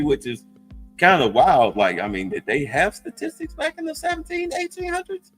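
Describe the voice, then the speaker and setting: A man's voice: very high voice, huge pitch swings, moderate pace, pushed and bright, faint music behind. A man hosting a casual live stream, reacting to a clip with heavy sarcasm and mocking hums. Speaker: streamer host.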